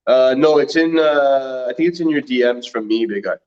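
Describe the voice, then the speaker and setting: A Canadian man co-hosting a relaxed podcast, reading aloud with a playful edge and quick chuckles. His voice sits at an ordinary middle pitch, and the sound comes through slightly muffled. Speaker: podcast co-host. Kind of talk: casual podcast chat, reading a text aloud.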